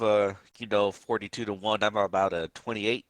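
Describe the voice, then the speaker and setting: A man's voice: fairly low pitch, level tone, normal speed, no echo. A man playing a tabletop game, laid-back with dry jokes. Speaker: player.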